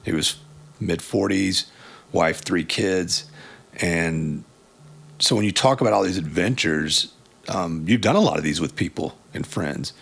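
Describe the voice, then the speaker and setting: A man's voice: sits low, a little slow, creaky, fairly bright tone, breathy edge. A man hosting a podcast, asking reflective follow-up questions in a conversational way. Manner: reflective, follows up on the guest's points. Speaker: podcast host. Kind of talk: conversational interviewing.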